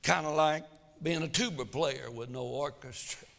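A man preaching a sermon in a church, swinging between loud exhortation and quiet asides. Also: a little high, moderate pace, creaky, big-room sound. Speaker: pastor. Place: church sanctuary.

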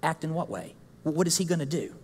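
A man preaching a sermon as a guest speaker in a church. He is animated and joking, and he acts out the complaints of his listeners. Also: a little high, quick pace, husky. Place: church sanctuary. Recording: reverberant church hall.

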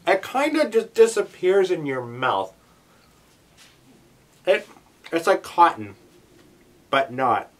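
A man's voice: a little high, very animated, slow pace, long pauses, a bit bright. Rambling man on a home vlog. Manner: rambling and chatty, with many asides. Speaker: vlogger doing a taste test. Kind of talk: casual chat to camera.

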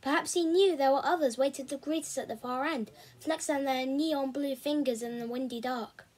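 A woman reading a novel aloud chapter by chapter, in a steady, measured storybook way. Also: high voice, poor audio. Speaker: reader.

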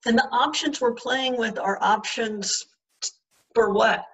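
A woman's voice: a little high, slow, fairly bright tone, low-quality recording. A woman hosting a webinar, asking short clarifying questions over a video call. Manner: brief affirming interjections.

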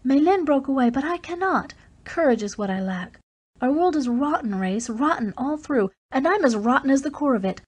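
A woman's voice: high voice, expressive, fairly quick, few pauses, husky, voice pushed up. A woman reading an audiobook, voicing a proud, despairing young woman of a dying desert world who speaks with a lilting, trembling, bitter passion. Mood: impassioned despair.

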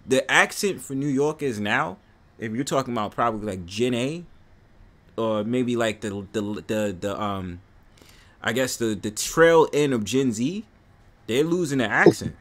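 Animated New York man chatting. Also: medium pitch, unhurried. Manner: animated, laughing, slangy storytelling. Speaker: stream host. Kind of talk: casual panel chat.

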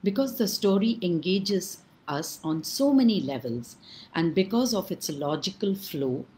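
Slow, low-voiced woman storyteller. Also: lively intonation, poor audio. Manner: gentle, measured, with pauses. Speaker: early-years educator. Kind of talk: storytelling and educational talk.

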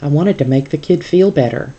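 A teacher reading aloud, voicing a small, loyal male dog who speaks bluntly and coaxingly, with a mellow tone. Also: mid-range voice, fairly quick, lo-fi sound, close to an everyday voice.

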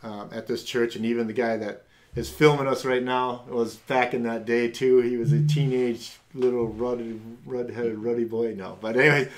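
A middle-aged man hosting a podcast, telling a personal faith testimony and acting out the voices of people in it. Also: moderate pace. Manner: animated, acts out quoted voices with big pitch jumps. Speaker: podcast host.

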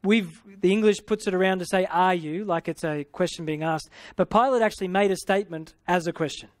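Australian male preacher, high voice, exclamatory, close dry recording. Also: moderate pace, no room sound. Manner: exclamatory, punctuating with hallelujah and amen; playful, paraphrasing scripture in everyday speech. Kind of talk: sermon teaching.

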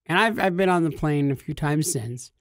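A man in his thirties, a podcast co-host, telling a funny story casually and jumping into high, shouty voices when he quotes people. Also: moderate pace, no echo, studio quality.

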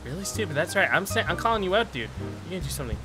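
Exasperated young man yelling at a game. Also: high-pitched, big pitch swings, rapid-fire, over music. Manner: exasperated, keeps saying "dude", shouting in rage. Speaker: gaming YouTuber. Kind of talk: frustrated gameplay commentary.

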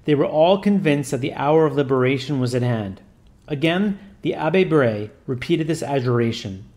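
A man narrating a religious story in a measured, solemn reading. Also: medium pitch, animated, a little mellow. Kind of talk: scripted narration.

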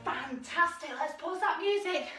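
A woman's voice: very high voice, moderate pace, far from the mic. A woman from England leading a toddler class in action songs, upbeat and encouraging as she praises the children by name. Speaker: children's activity class leader. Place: echoey room at home. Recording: echoey room, voice from afar, faint music.

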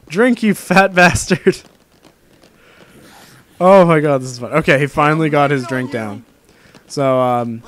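A man's voice: medium pitch, slight background noise. Young male let's-play commentator, talkative and jokey, recorded on a desk mic. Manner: rambling and chatty, with joking asides. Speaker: gameplay commentator. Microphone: desk microphone.

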